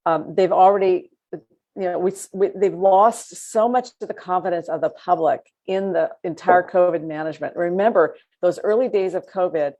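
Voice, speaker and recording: A woman co-hosts a casual political talk show with a lowish voice for a woman. She talks in an animated, sarcastic way and laughs while she makes her points. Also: normal speed.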